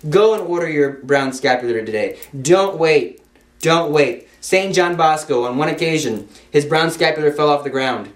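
A man preaching an impassioned sermon, driving his points home with repeated rhetorical questions. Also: medium pitch. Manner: emphatic, full of rhetorical questions. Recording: roomy echo.

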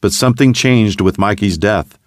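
Man, story narrator, very low voice, steady measured delivery, dry recording. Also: dry recording. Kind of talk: scripted narration.

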